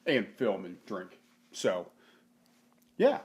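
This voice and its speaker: A man's voice: low-pitched, very animated, slow, a little mellow, breathy edge. A man co-hosting a casual tabletop game video in a basement, joking and boisterous. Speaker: co-host.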